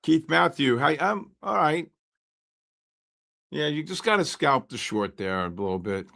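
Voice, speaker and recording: A hoarse man hosting a live trading stream, chatting with viewers by name while he calls trades. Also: on the high side, measured pace. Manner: animated, greets chat by name while calling trades. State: hoarse, losing his voice. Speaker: livestream host and futures trader.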